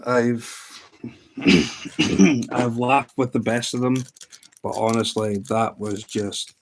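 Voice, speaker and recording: During a casual livestream chat, a man tells a story with amusement, rambling and restarting often. He speaks slowly in a steady, mid-range voice, and there's a little hiss or hum in the recording.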